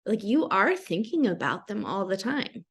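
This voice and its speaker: A woman hosting a podcast interview, speaking gently and affirmingly with hesitant phrasing. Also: medium pitch, big pitch swings, normal speed, husky. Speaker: podcast host. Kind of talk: conversational interview.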